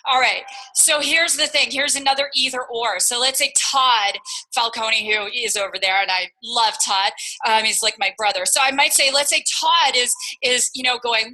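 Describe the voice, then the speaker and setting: High, bright, punchy woman coach. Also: normal speed, rough recording. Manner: energetic, direct and pushy. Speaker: sales team coach. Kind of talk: motivational talk to a live audience.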